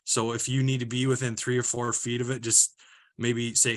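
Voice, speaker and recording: A man's voice: mid-range voice, little pitch movement, normal speed. A male basketball referee giving practical, matter-of-fact officiating advice with some fillers. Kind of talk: instructional talk on officiating.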